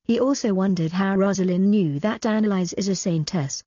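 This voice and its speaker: A woman narrating an audiobook in an even, flat reading that even reads out edit notes. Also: mid-range voice, moderate pace, no echo. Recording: dull lo-fi audio.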